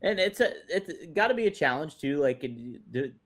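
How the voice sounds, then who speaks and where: A man's voice: on the high side, very animated, normal speed, fairly bright tone. A man co-hosting a podcast in casual chat, easygoing and thinking aloud. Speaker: podcast co-host.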